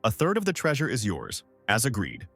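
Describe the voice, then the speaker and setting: A man's voice: medium pitch, huge pitch swings, fairly quick, a bit bright, husky, soft background music, exaggerated voice. A man reading as a cold, curt golden knight. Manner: curt, coldly threatening.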